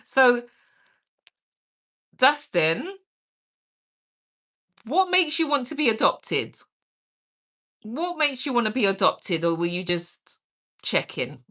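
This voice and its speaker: A woman's voice: on the high side, big pitch swings, slow pace, pauses often, pushed and bright. A middle-aged woman hosting a livestream, chatting energetically and caringly while reading out viewer comments. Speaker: livestream host.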